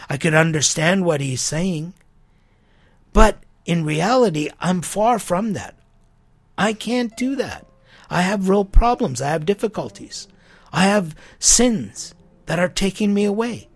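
A man preaching a sermon in a lively, conversational way, with asides and quick questions to his listeners. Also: sits high, gravelly, slightly rough.

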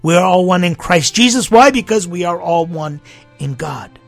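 A man preaching a sermon as pastor, impassioned and full of rhetorical questions, swinging between loud appeals and hushed lines. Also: high voice, lively intonation, moderate pace, creaky, soft background music.

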